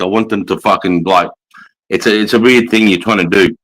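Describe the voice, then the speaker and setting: Australian army veteran host, deep voice, swears freely, relaxed storytelling. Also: male voice, fairly quick, poor audio. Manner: blunt, profane storytelling. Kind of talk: casual livestream chat.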